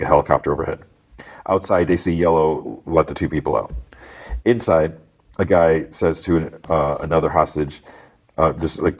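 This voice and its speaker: A man's voice: sits low, a little mellow. A man hosting a podcast, casually recapping a TV episode and quoting the characters in raised voices, with lots of fillers. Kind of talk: casual recap, acting out dialogue.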